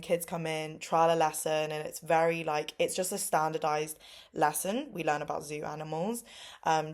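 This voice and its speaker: A woman in her twenties with a London accent, telling a casual storytime about teaching, full of fillers, and her pitch leaps up when she acts out quotes. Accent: London English. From London, England. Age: 20s. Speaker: English teacher vlogger. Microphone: phone or laptop mic.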